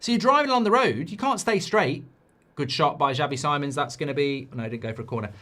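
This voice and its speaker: A man's voice: a little high, expressive, quick pace, pushed and bright. A middle-aged man hosting a live football watchalong, ranting and swearing, mocking people in whiny voices and reading chat messages aloud.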